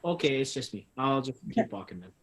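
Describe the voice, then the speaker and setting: A man plays his character at a tabletop game. He argues in a playful, joking manner, speaking up loudly at times. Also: medium pitch, a little fast, creaky. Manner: joking, argumentative. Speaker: player.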